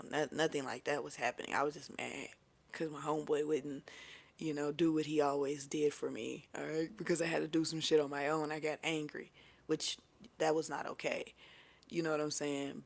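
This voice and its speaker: A tarot reader telling a personal story in a casual, chatty way, swearing freely, laughing often and leaning on fillers. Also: medium pitch. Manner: chatty, profane, filler-heavy.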